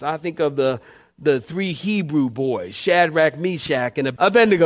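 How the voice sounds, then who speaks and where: This pastor's voice is expressive, and he takes his sermon slowly. Repeating his points to build them up, he uses call-and-response with the congregation and sweeping changes in pitch.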